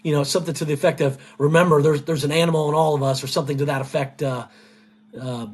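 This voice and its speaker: A man's voice: fairly high pitch, fairly even intonation, fast, breathy edge. A man co-hosting a podcast, teasing dryly and talking up what comes next. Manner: dry teasing, upbeat promo talk. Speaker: podcast co-host. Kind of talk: casual podcast banter.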